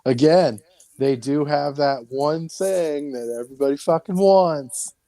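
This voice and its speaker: A man joining a casual podcast chat with laid-back, drawn-out remarks. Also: on the high side, mellow, dry recording.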